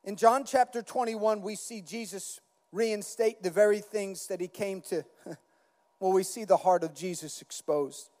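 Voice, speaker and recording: A man's voice: high-pitched, measured pace, a little mellow, long reverb tail. A man preaching a sermon as pastor, earnest, acting out Bible dialogue with rising intensity.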